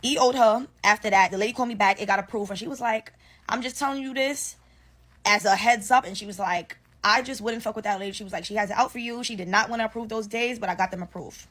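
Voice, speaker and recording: Fast-talking, profane young woman ranting. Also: mid-range voice. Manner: animated, profane, slangy storytelling with acted-out quotes. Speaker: storyteller ranting about work. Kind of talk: casual storytime rant. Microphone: phone selfie video.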